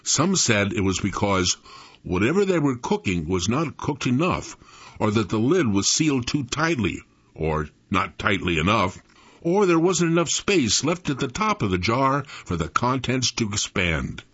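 A man in his eighties reading his own memoir aloud in an expressive storytelling manner. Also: mid-range voice, unhurried, husky. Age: 80s. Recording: dull lo-fi recording.

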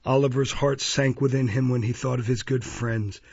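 Gravelly, husky male audiobook narrator. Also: mid-range voice, steady tone, moderate pace, a little mellow, no room sound. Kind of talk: scripted narration. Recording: dull lo-fi recording.

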